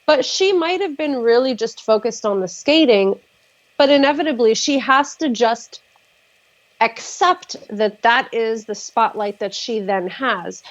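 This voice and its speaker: A woman therapist talking casually on a livestream video call, measured and thoughtful with frequent fillers. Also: fairly high pitch, no room sound, lo-fi sound. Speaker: therapist, regular guest.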